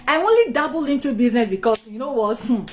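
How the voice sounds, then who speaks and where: A woman hosting a live stream, telling a personal story in an animated, chatty way, with many asides, and greeting viewers as they join. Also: high voice, fast talker. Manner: talkative, with many asides and restarts.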